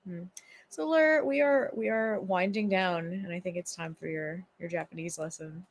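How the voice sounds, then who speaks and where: A woman's voice: lowish voice, normal speed. A woman co-hosting a podcast, playful and teasing in casual chat. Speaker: podcast co-host.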